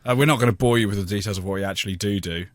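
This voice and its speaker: A man's voice: on the low side, very fast, no echo. An English man hosting a comedy radio show, joking and mocking himself and laughing often. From England. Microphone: studio microphone.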